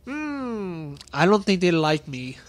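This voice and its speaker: His voice sits high and fairly bright, with lively intonation and an unhurried pace, as this young let's-play gamer jokes through his game. He grunts and yelps at hits and goofily addresses the enemies.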